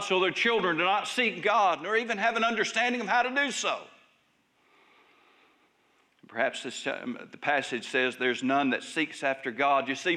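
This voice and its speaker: Delivering a sermon at a church service, a high-pitched male pastor alternates between emphatic, raised passages and quiet, hushed moments.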